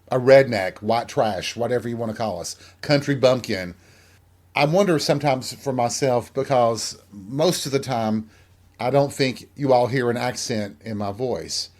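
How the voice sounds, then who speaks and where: A man from Tennessee hosting a candid solo podcast, frank and self-deprecating, with a rambling delivery. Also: medium pitch. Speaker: podcast host.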